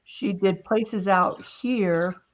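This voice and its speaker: A woman's voice: mid-range voice, steady tone, drawn-out words. A woman hosting a craft stream, chatting casually and telling a story, often quoting others and laughing. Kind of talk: casual chat.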